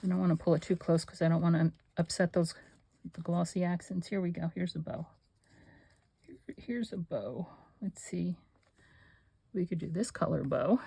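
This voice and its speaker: A woman's voice: lowish voice, moderate pace, gravelly, pauses often, warm tone, slightly rough, no echo. An older woman hosting a craft channel, chatting casually and rambling to herself as she works. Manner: chatty, rambling, talks to herself while working. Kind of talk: casual chat while crafting.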